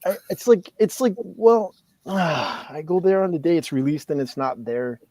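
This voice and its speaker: A man's voice: on the high side, lively intonation, unhurried, dark tone, dry recording. Ranting man with a dry, close sound. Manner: exasperated ranting, swears. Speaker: podcast co-host. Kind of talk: casual chat.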